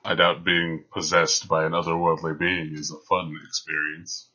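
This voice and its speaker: A man's voice: sits low, little pitch movement, moderate pace, pushed and bright, husky. A man narrating as game master of a tabletop game, with dry, teasing remarks. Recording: dull lo-fi sound.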